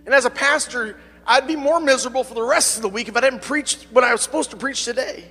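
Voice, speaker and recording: A middle-aged man preaching a sermon as pastor, swinging from fervent shouting to quieter, conversational talk. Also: very high-pitched, fast talker, in a large hall. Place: church sanctuary, at the pulpit.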